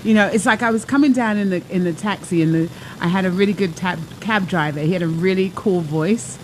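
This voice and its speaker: A woman's voice: fairly low pitch, fairly quick, slight background noise, low-quality recording. Chatty woman hosting a talk show. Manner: lively, chatty storytelling with many asides. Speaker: life coach and show host.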